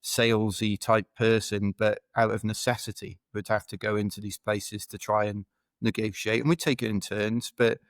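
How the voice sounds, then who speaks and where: Low, even-toned British man. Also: moderate pace, dry recording. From United Kingdom. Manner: rambling, self-deprecating, with fillers. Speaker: podcast guest. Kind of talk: casual anecdotal storytelling.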